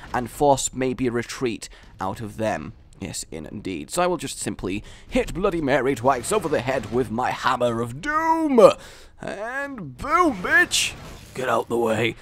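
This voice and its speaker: A young man hosting a gaming video, giving excited play-by-play commentary with loud triumphant outbursts. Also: medium pitch, slight background noise.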